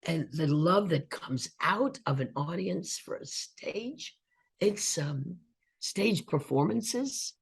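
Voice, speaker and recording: An older woman, a guest actress, chatting in an interview with a husky voice, acting out the voices of people in her stories. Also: lowish voice, takes it slowly. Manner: animated storyteller who acts out quoted voices. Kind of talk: casual interview chat.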